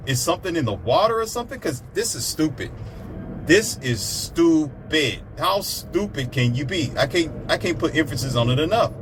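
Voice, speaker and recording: A man's voice: on the high side, sing-song, quick pace, hardly any pauses, noisy background. Heated ranting man. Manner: heated, preachy, swears, mimics others in raised voice. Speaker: commentator. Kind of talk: ranting monologue.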